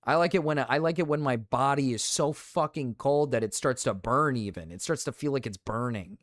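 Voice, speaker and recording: A man's voice: mid-range voice, normal speed, dry recording, clean studio sound. Profane young man ranting on stream. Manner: ranting, profane, repeats himself. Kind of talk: casual livestream rant.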